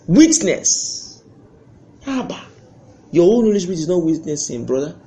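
Fervent preacher man, loud to hushed. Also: sits high, sing-song, moderate pace. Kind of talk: sermon. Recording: echoey room.

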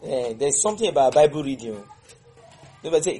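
A man's voice: medium pitch, animated, fast, mellow. A man leading a Bible study, repeating verses and quizzing his listeners. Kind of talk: interactive Bible teaching.

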